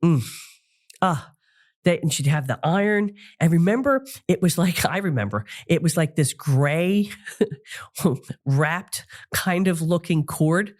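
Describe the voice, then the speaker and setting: A middle-aged woman hosting a podcast, talking casually and warmly about family memories with frequent fillers and laughs. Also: lowish voice, animated, unhurried. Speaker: podcast host and psychic medium. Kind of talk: casual solo podcast talk.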